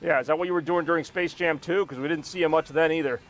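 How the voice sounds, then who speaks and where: A man's voice: on the high side, fairly even intonation, quick pace, a bit bright. Rambling, jokey young male streamer. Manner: rambling, jokey, reacting to chat. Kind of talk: casual game-stream chatter.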